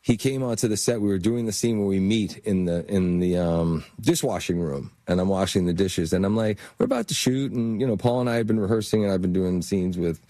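A man's voice: sits low, brisk, hardly any pauses, warm tone, dry recording. A man being interviewed as an actor guest, telling stories in a rambling way with many fillers and restarts. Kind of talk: casual interview storytelling.

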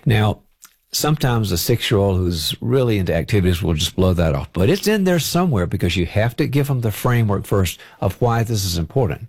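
A male parenting author speaks calmly and directly, laying out practical advice step by step. His voice sits low. The sound is dry and close. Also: a little fast, breathy edge, no echo. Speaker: parenting author and guest expert. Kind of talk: advice on a talk show.

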